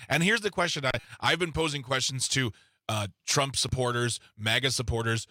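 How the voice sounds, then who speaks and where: Male co-host, earnest questioning, bright voice, dry sound. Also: medium pitch, moderate pace, no echo. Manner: earnest, poses pointed questions. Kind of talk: political talk show discussion.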